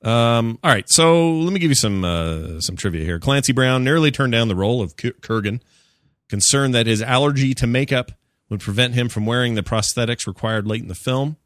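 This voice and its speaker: A man hosting a casual movie chat, joking and animated, with silly put-on voices when he quotes people. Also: mid-range voice, fairly quick, no echo, studio quality.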